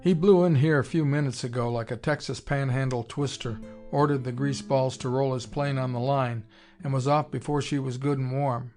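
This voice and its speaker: A man voicing a laid-back pilot who talks in a slow drawl. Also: medium pitch, steady tone, a little mellow, soft background music, close to an everyday voice. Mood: laconic.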